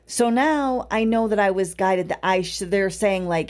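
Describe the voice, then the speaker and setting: A woman's voice: medium pitch, unhurried, darkish tone. A woman hosting a spiritual podcast, telling a personal story in a chatty way and often adding tag questions. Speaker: podcast host. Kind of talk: casual spiritual podcast monologue.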